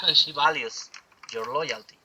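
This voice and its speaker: A gaming streamer with a fairly high-pitched voice delivers a meandering, opinionated monologue while he plays a video game. He keeps restarting sentences, and heavy background noise runs underneath.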